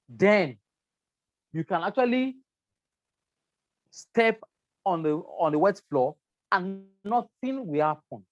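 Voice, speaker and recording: A woman with a Nigerian English accent presents a workplace safety lecture with slides, explaining each step repetitively and checking in by asking "right?" often. Her voice is lowish and a little mellow, recorded with no room sound and the highs cut off.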